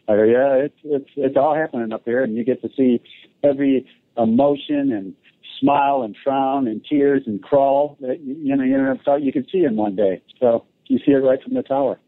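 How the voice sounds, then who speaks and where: A man's voice: medium pitch, no room sound. A man, a race announcer, telling stories in a casual interview, acting out voices and laughing often. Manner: animated storyteller, acts out voices, laughs often. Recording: tinny phone line.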